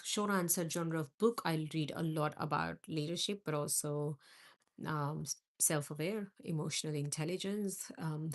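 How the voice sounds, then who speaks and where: A woman with a low voice, gravelly at the edges, talks through her career and the books she reads in a casual live-stream chat. She lists ideas one after another, pausing on fillers as she thinks. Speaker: host.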